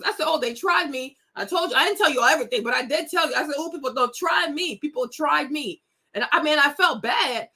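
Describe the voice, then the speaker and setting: Bright high-pitched woman in her thirties. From United States. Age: 30s. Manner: emotional, confiding, repeats herself for emphasis. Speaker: host. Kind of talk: casual chat to camera.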